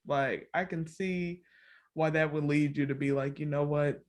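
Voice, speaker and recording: This unhurried podcast co-host is a laugh-prone, casual storyteller chatting about a reality show. She performs the quotes with sharp pitch leaps, laughs frequently, and leans on fillers such as "like" and "all the things."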